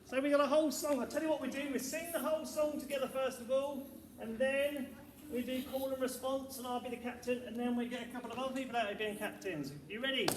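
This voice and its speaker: Male teacher, high voice, upbeat and encouraging, echoey hall with audible background noise. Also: steady tone, quick pace, far from the mic. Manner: upbeat, encouraging, talks to children. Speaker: primary school teacher. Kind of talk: leading a school music assembly. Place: school hall, indoors.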